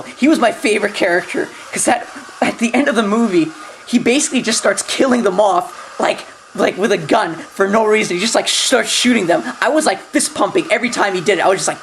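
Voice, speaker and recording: A woman's voice: mid-range voice, fast, a little hiss or hum, rough recording. A young adult woman giving a casual, ranting movie review, rambling with constant fillers and restarts, swearing freely and laughing between points. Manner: rambling, full of "like" and restarts, profane, breaks into laughter. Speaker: film reviewer.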